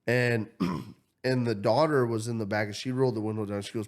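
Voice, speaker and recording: A man's voice: fairly low pitch, brisk. Midwest guy on a podcast telling a story, cussing, doing everyone's voices. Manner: animated, swears freely, acts out quotes. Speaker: podcast co-host. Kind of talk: casual storytelling chat.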